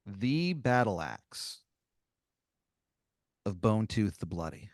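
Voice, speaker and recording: A man voicing a smooth, lofty male god who speaks in calm, grand, mysterious terms in an improvised comedy scene. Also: fairly low pitch, takes it slowly, no echo, clean studio sound, exaggerated voice. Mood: scheming.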